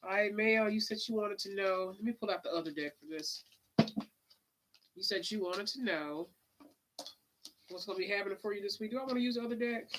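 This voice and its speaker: A woman's voice: mid-range voice, fairly quick, pauses often, a bit bright, slight background noise, rough recording. A woman giving a casual live tarot reading, chatty and drawling, sniffling now and then. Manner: chatty, drawling, calls listeners honey and child. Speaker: tarot reader.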